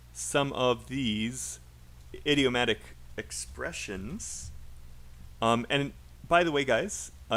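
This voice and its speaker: A man with a British accent teaching a livestream English speaking lesson, modelling sentences in chunks with deliberate pauses and repeating words for drills. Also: medium pitch, a bit bright.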